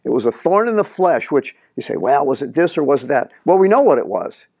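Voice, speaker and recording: A middle-aged male pastor preaching a sermon in an animated way, acting out the prayers he quotes. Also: fairly high pitch, brisk, gravelly, dry recording, clean studio sound.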